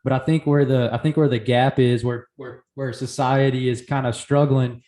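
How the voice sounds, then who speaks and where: A male podcast host with a mellow, warm tone speaks casually and earnestly. He drops in "man" and "like" as he builds toward his next question. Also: mid-range voice, fairly even intonation, moderate pace. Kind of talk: casual interview.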